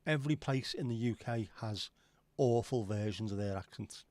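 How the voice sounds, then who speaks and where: Reading viewer comments in a casual chat, a man hosting a livestream rambles, jokes, and swears offhandedly. His voice sits on the low side, a little mellow, at normal speed, in a dry recording.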